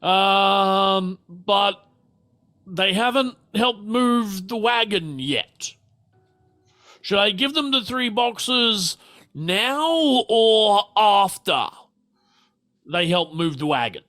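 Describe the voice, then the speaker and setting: A man's voice: high-pitched, expressive, very slow, bright, forceful tone, voice pushed up, full character voice. A man with an Australian accent voicing a polite, bumbling, well-dressed older man who speaks in a genteel, formal way. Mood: courteous.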